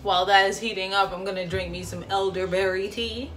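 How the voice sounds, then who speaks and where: A woman's voice: mid-range voice, little pitch movement, a little fast, fairly bright tone. A woman hosting a cooking video, chatting casually with playful slang and joking asides. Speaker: cooking vlogger. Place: home kitchen. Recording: frying sizzle in background.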